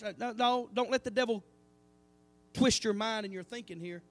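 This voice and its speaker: A man preaching a sermon to his church, animated, breaking into asides and calling out to the congregation. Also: sits high, normal speed, long pauses. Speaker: pastor. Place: church sanctuary.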